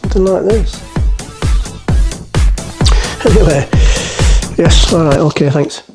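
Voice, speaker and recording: A man's voice: a little high, takes it slowly, music in the background. A man rambling through a casual cooking vlog in his home kitchen, jokey and chatty as he cooks. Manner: rambling, jokey, talks to himself while cooking. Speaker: cooking vlogger.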